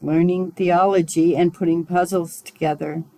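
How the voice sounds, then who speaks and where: A woman giving a recorded spiritual lesson as its teacher, talking in a measured, musing way with small digressions. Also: lowish voice, steady tone, warm tone, no echo, poor audio.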